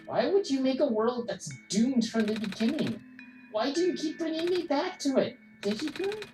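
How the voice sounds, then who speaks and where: A woman's voice: high-pitched, animated, moderate pace, pitched above the performer's own voice. A woman voicing a lost, earnest young child in a game, asking pleading questions. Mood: distressed. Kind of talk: game dialogue read aloud. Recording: roomy echo with game music.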